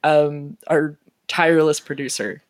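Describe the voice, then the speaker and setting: A woman's voice: low-pitched, steady tone, measured pace. A young woman co-hosting a podcast in casual chat, rambling and self-mocking with many fillers, recorded on a microphone on a stand. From New York City. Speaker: podcast co-host.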